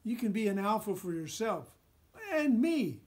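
A man's voice: high voice, very animated, normal speed, voice pushed up. A man voicing a giant male eagle who gives friendly advice, in a storybook reading. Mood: encouraging. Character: giant male eagle, chatty, kindly counselor.

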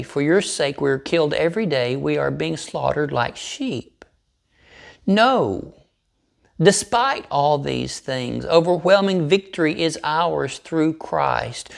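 A man leading a devotional, reading scripture in an unhurried, measured way. His voice carries a gravelly, creaky edge, and he leans hard on key words with deliberate emphasis. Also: a little high, animated.

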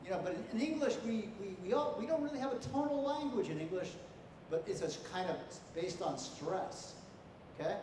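A man judging a contest, giving spoken feedback to students in a halting way, with many "you know" and "okay?" checks. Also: high-pitched, expressive, noisy background. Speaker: contest judge. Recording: echoey hall, far from the mic.

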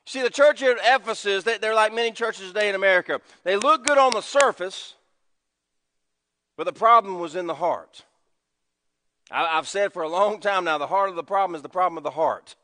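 A man preaching a sermon as pastor, swinging from loud emphasis to hushed low tones. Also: a little fast, long reverb tail. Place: church sanctuary.

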